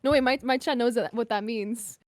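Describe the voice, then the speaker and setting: A young woman streamer chatting casually with her viewers and a podcast host, full of quick asides. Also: on the high side, dry recording, studio quality. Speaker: streamer guest. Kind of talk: casual livestream chat.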